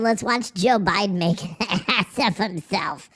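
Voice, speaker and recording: Speaking through a voice changer, a married adult man hosts a casual livestream, ranting in a rambling, sarcastic, profane way. His voice is high-pitched, slow, pushed and bright.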